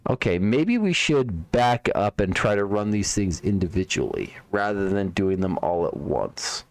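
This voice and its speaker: A man's voice: fairly low pitch, very animated, measured pace, dry recording. A man streaming live, thinking aloud while debugging code, muttering to himself, trailing off and repeating words.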